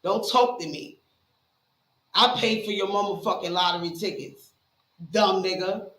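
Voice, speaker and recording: A woman in her forties from Richmond, talking bluntly with plenty of profanity. Her voice is bright and forceful, and it rings in a roomy, echoey space. She sounds heated and direct in casual chat. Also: mid-range voice, measured pace. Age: 40s. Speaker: live stream guest.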